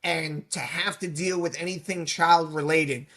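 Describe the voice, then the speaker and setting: A man's voice: on the high side, steady tone, measured pace, bright, forceful tone. A man guest on an interview show, a police union leader, speaking earnestly and reflectively in casual conversation.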